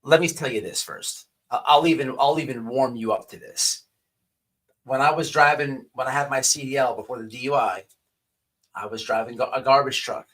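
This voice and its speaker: A man hosting a livestream offers casual, profane commentary, rambling along with many restarts and stammers. His voice is medium-pitched and fairly bright, at a moderate pace.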